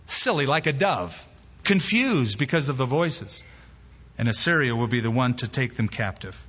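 Emphatic pastor preaching in a reverberant hall. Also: male voice, medium pitch, sing-song, a bit bright, breathy edge. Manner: emphatic, slows down on key words. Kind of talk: sermon. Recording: muffled hall recording with long reverb.

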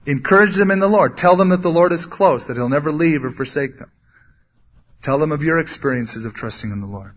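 A man preaching a sermon, earnestly teaching from the Bible and acting out quotes with sudden loud bursts. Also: fairly high pitch, animated, brisk. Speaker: pastor. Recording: dull lo-fi sermon recording.

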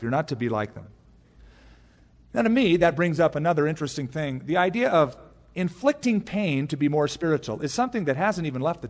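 A man's voice: fairly high pitch, big-room sound. A male pastor giving a conversational verse-by-verse Bible teaching, mixing in personal stories, from a church pulpit. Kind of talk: expository sermon. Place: large church sanctuary.

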